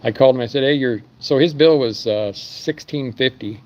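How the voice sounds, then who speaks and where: A man's voice: mid-range voice, moderate pace, darkish tone, dull audio. Rambling man chatting from his shop. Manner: rambling storytelling with fillers. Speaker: machine shop owner streaming live. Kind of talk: casual live-stream chat. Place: his engine machine shop.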